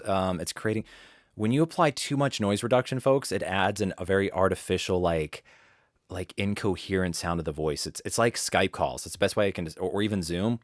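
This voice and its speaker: A man's voice: sits low, no echo. A man coaching voice actors in a live webinar from his home studio, talking casually and rambling, often restarting his sentences. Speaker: voice-over coach.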